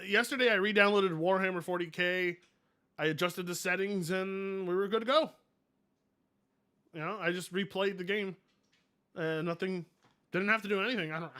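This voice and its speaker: A man streaming live, reacting to videos with loud, mocking commentary, yelling and laughing at what he watches. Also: high voice.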